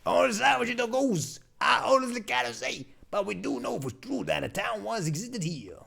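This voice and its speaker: A man doing a high, gravelly game townsperson. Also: animated, moderate pace, bright, forceful tone, heavily acted. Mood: musing.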